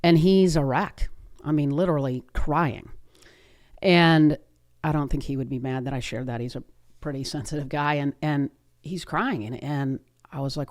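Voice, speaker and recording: Female podcast host, warm motivational storyteller with emphatic energy. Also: deep voice, steady tone, normal speed.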